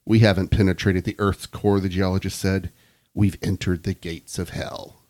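A man's voice: deep voice, steady tone, moderate pace, darkish tone. A man co-hosting a podcast, casually reading an urban legend aloud and laughing often. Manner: laughs often, reads from notes. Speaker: podcast host.

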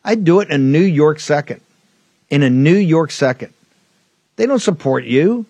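A man's voice: fairly high pitch, animated, moderate pace, dark tone, breathy edge, no room sound. Male talk host, fiery and emphatic, hammering points home, dry studio mic. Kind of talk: political talk show commentary.

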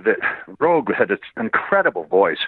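A man's voice: on the low side, very animated, moderate pace, breathy edge, no room sound. A man from Canada, a voice actor guest, telling rambling anecdotes with frequent chuckles in a casual interview. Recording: tinny phone-like line, dry.

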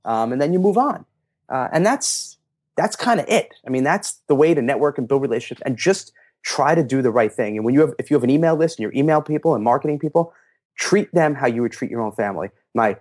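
A middle-aged man, a guest in a casual interview, telling animated stories and acting out quotes in a raised voice. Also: medium pitch, fast talker. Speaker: interview guest, fitness marketer.

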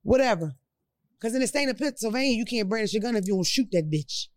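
High-voiced woman riffing with profane humor. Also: fast talker, dry recording. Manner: animated, profane, joking storyteller. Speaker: podcast host. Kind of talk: casual podcast chat.

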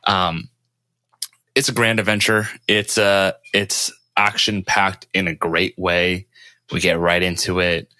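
A man with a low voice co-hosts a podcast, sounding eager and hyped, using casual slang. His tone is bright and forceful, and the sound is dry and close to the mic. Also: level tone, slow, no room sound. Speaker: podcast co-host.

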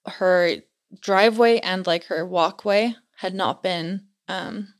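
A young woman, a podcast guest, casually tells a story in a lowish voice at a slow pace. She's chatty and fills her speech with "like."

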